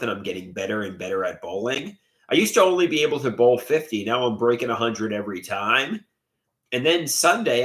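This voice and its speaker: A young man with a Long Island accent chatting casually on a livestream, rambling and hesitant as he reads out viewer comments. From Long Island, New York. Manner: rambling, hesitant, lively pitch. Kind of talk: casual live stream chat, reading comments.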